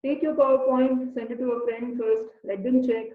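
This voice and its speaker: A woman's voice: on the high side, little pitch movement, moderate pace. A woman giving a webinar lecture on presentation skills, instructive and direct, sometimes acting out example quotes. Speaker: webinar speaker. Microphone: video call. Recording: echoey, phone-like webinar audio.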